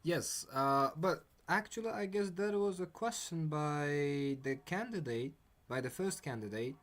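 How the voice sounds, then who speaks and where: A man's voice: fairly high pitch, lively intonation, measured pace, fairly bright tone. A man speaking hesitantly in a casual chat, searching for words with many fillers. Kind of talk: casual chat on a video call.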